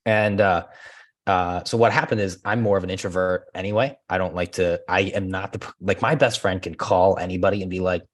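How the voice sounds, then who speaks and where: A man guest on a podcast, talking casually and laughing often, acting out conversations in lively quoted voices. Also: low-pitched, fairly quick. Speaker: podcast guest, real estate agent. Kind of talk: casual interview chat.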